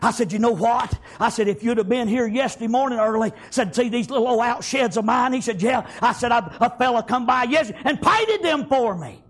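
In this testimony sermon, an expressive male preacher with an unusually high, husky voice tells fervent, homespun stories a little fast and with few pauses. He punctuates almost everything with "amen" and builds to shouted praise.

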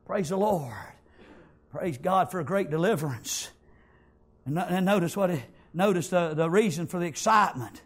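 In a church, a man delivers a fiery revival sermon, breaking up almost every line with "amen" and shouted praise. His voice sits high, and he speaks at a normal speed.

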